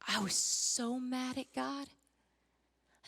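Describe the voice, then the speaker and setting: A woman in her forties giving a sermon testimony, telling her story with strong feeling, acting out what was said, rising to near-shouting and dropping to whispers. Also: on the low side, expressive, measured pace. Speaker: Christian singer giving a testimony. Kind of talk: sermon testimony to a live audience.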